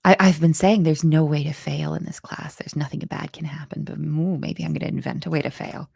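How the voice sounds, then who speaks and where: A woman's voice: sits low, steady tone, brisk, creaky, few pauses, a little mellow, breathy edge, no echo. A woman teaching a live-streamed coding lesson, chatty and playful, thinking aloud and answering chat comments. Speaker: coding bootcamp instructor.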